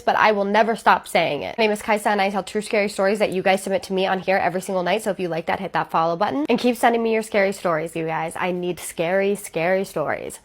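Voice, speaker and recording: A young woman hosting a storytime video, chatting casually and animatedly with lots of "like". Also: medium pitch. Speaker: storytime host.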